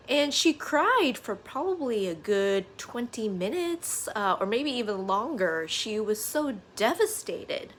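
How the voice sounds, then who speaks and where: A woman in her thirties shares a personal lesson with her viewers in a loose, heartfelt way, often pausing on "uh" and "you know." Her voice sits at an ordinary middle pitch. A faint hum of room noise runs underneath. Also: very animated. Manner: earnest, conversational, many fillers like "uh" and "you know". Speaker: vlogger. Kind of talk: casual reflective monologue to camera.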